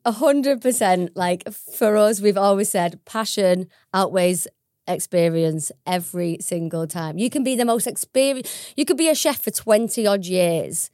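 A woman's voice: medium pitch, unhurried, no echo, studio quality. A woman with a Salford accent, a business co-founder talking candidly and laughing often in a casual interview. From Salford, England. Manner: candid, laughs often, animated when excited.

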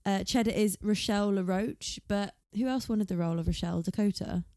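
A woman's voice: medium pitch, brisk, dark tone, no room sound, studio quality. A woman co-hosting a podcast, chatting casually through a recap and reading quotes from her notes. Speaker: podcast co-host.

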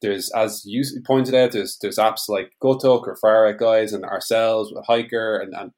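A man's voice: fairly low pitch, fairly even intonation, moderate pace, a little mellow. A man hosting a podcast interview, responding in a thoughtful, affirming way. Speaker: podcast host.

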